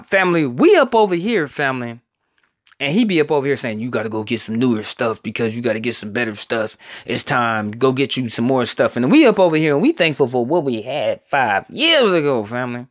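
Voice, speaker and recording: A man preaching casually to his audience, rambling and emphatic, tacking "family" onto nearly every phrase and drawing out key words slowly. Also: a little high.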